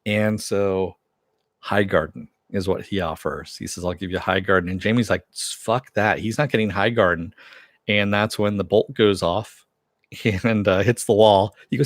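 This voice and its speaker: Low-voiced man rambling through a recap. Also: steady tone, moderate pace, no room sound, studio quality. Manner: rambling, many fillers and retold quotes. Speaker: TV show reviewer. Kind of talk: casual recap.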